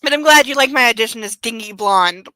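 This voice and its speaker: A woman's voice: fairly high pitch, expressive, a little fast, pushed and bright, dry recording, poor audio. A woman hosting a book club livestream, talking in a blunt, profane, emphatic way. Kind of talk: casual livestream commentary.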